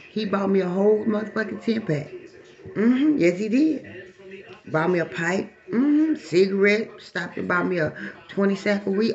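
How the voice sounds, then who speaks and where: A woman's voice: mid-range voice, moderate pace. A middle-aged woman telling a personal story to listeners, blunt and profane, talking straight to the crowd. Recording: dull lo-fi recording.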